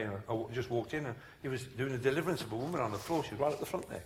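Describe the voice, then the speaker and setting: A clergyman telling humorous stories in a sermon, laughing often and breaking into shouted commands. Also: medium pitch, rapid-fire, few pauses, echoey room, slight background noise. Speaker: senior clergyman preaching.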